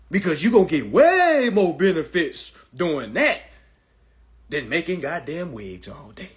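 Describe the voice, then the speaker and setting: A man hosting a casual phone livestream, talking in a brash, profane, animated way and slipping into mocking voices. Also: mid-range voice, moderate pace. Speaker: livestream host giving legal advice.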